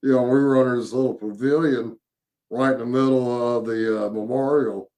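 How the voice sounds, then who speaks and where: A man, casually recounting a paranormal investigation, halting with many fillers and repeated words. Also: mid-range voice, fairly even intonation, dark tone. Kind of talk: casual storytelling chat.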